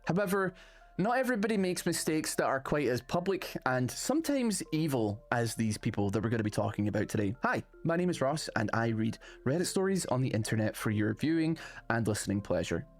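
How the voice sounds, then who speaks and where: A man's voice: mid-range voice, fairly quick, faint music behind. Chatty man reading stories aloud. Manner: chatty, animated, rising emphasis on phrase openings. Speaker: host reading online stories. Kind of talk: casual read-aloud and commentary.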